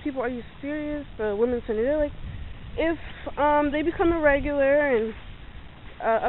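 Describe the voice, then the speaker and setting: A young woman telling a story in a casual vlog, animated, acting out what people said and laughing often, filmed on a handheld phone. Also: fairly high pitch. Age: young adult. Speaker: vlogger. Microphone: phone held in hand. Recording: tinny phone-like audio, faint noise.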